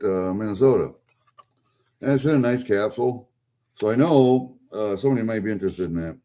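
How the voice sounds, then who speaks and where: A man's voice: fairly low pitch, mellow. A man talking casually to himself as he opens packages, muttering and rambling as he goes. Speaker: vlogger opening packages. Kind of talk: casual unboxing commentary.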